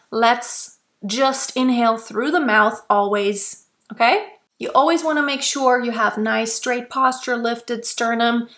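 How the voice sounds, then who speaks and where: A woman's voice: on the high side, a bit bright. A woman from Germany, a vocal coach patiently explaining and demonstrating breathing exercises. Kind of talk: instructional explanation.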